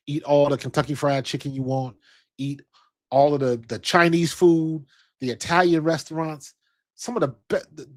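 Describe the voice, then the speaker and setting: Middle-aged American guy, stream host, casual chat, slangy, rambling, lots of restarts. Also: fairly high pitch. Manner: loose, rambling, slangy, with frequent restarts and asides.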